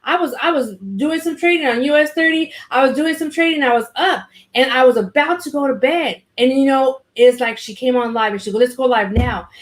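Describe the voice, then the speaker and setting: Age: adult. Sex: woman. Role: live stream host. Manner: relaxed, conversational. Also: high-pitched, fairly quick, few pauses. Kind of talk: casual chat.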